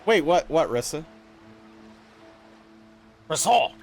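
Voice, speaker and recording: A young male streamer with a fairly high voice that swings all over the place as he chats with his viewers. He reads messages aloud and answers them playfully, often jumping into mock outrage. Faint music plays under his talk. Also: big pitch swings, normal speed. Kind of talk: casual livestream chat with viewers.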